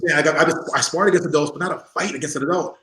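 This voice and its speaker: Talking very fast in a voice on the high side, the former wrestler in his forties rattles through stories during a casual interview. He laughs often and imitates the people he describes. The rough recording has an echoey room sound.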